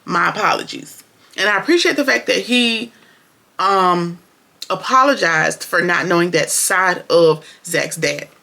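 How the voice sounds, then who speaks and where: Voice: mid-range voice, measured pace, gravelly, sharp tone. A show reviewer recapping an episode in casual, opinionated, slangy chat, talking straight to viewers.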